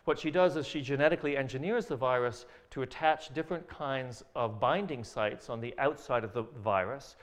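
A man lecturing on science in a hall, pointing through slides as he explains. He stumbles and restarts often, filling pauses with ums and uhs, and slips in dry jokes. His voice sits at an ordinary middle pitch. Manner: hesitant, many fillers and restarts, dry jokes.

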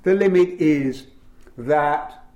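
A man speaking on constitutional law at a panel, emphatic and lively, with frequent fillers. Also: on the high side, takes it slowly, muffled recording. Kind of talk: lecture-style panel talk.

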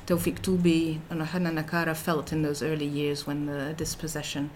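A woman's voice: deep voice, monotone, normal speed, darkish tone, a little hiss or hum. A middle-aged woman giving an academic lecture as a researcher, speaking thoughtfully with frequent fillers and restarts.

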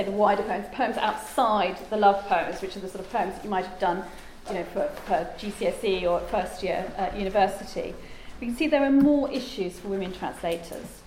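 A woman's voice: medium pitch, normal speed, slight background noise. A woman giving an informal lecture as a translator, chatty and digressive, with lots of ums and asides. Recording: echoey room with faint ambience.

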